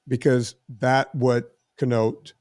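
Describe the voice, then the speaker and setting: A man's voice: mid-range voice, takes it slowly, smooth, no room sound, clean studio sound. A podcast host in his sixties telling a long story in casual chat, acting out the voices of the people in it. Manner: animated, acts out quoted dialogue.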